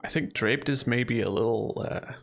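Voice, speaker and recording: A young man chatting casually about a game, talking in a halting way with many fillers. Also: mid-range voice, vocal fry, faint music behind. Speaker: co-player. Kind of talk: casual chat.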